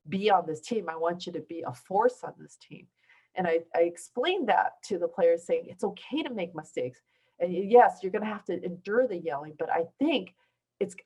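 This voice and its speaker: A woman from southern China in middle age, a basketball coach, talks to a university audience. Her voice sits low, and she tells her stories in a loose way that often stops and starts again. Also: low-quality recording. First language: Taiwanese. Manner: conversational storytelling with many restarts and fillers. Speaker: basketball coach giving a talk. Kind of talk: informal speech to an audience. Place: university lecture hall.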